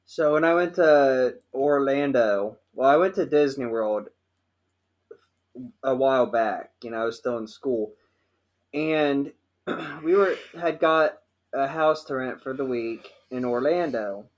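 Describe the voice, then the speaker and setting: A man's voice: mid-range voice, slow. A man who is a podcast guest, telling stories bluntly in casual chat and swearing freely.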